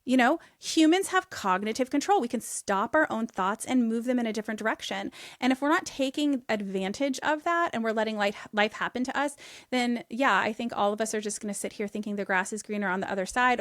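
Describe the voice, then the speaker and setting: A woman's voice: fairly high pitch, a little fast, no echo, studio quality. A woman in her thirties, a guest on a podcast, speaking in an upbeat, emphatic way about her views. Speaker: podcast guest, author and podcast host. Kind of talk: casual podcast conversation.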